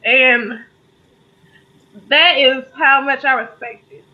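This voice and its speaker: A woman's voice: high voice, fairly even intonation, slow pace, muffled recording. A woman co-host giving a heartfelt spoken tribute, fighting back tears as she talks. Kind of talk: emotional tribute in casual talk.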